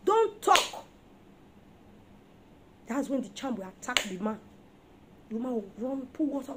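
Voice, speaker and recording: High-voiced woman preaching. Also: moderate pace, noisy background. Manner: emphatic, fires rhetorical questions at listeners. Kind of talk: sermon on marriage.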